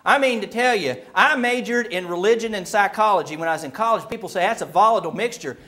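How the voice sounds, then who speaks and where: A man, a preacher, telling a comic story in an animated way that builds to shouted punchlines. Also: high-pitched, quick pace.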